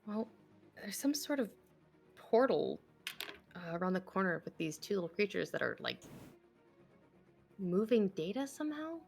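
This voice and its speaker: A woman's voice: medium pitch, very animated, normal speed, gravelly, long pauses, a little mellow, soft background music. A woman playing a tabletop game, thinking aloud tentatively about what her character sees. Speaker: player. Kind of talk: casual chat in a tabletop game.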